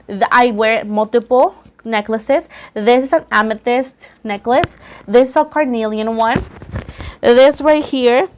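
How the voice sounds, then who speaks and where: The host of a tarot channel, a woman with a slightly high voice, chats casually with her viewers. She rambles and repeats herself often, and her voice is a little rough from coughing.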